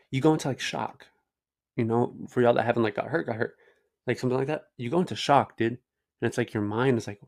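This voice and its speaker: A young man rambles through sports stories to his camera in a relaxed, slangy way. He leans on "like" and "dude" as he talks. His pitch sits right in the usual middle range for a man. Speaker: host. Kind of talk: casual storytelling to camera.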